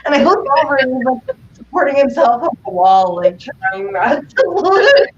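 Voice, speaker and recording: A woman's voice: high voice, moderate pace. A woman chatting casually on a livestream, telling stories with lots of laughter and acted-out quotes. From grew up on a horse farm. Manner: animated storyteller, laughs often, acts out quotes. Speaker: co-host. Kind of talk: casual chat. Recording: dull lo-fi sound with faint noise.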